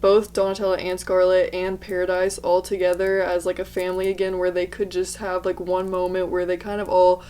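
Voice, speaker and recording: A woman's voice: fairly low pitch, completely flat delivery, a little fast, few pauses, warm tone, smooth. A young woman chatting casually through a book review, exclamatory and full of 'like' as she talks.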